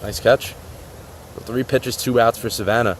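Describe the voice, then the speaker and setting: A man doing live play-by-play for a baseball game, relaxed and chatty, explaining the rules as he goes. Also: mid-range voice, a little slow. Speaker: play-by-play announcer.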